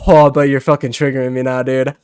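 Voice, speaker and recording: A man's voice: mid-range voice, level tone, quick pace, darkish tone, clear, resonant tone, no room sound, studio quality. A man in his twenties with a heated, profane, exasperated way of talking as he hosts a reaction video. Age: 20s. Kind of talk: ranting reaction commentary.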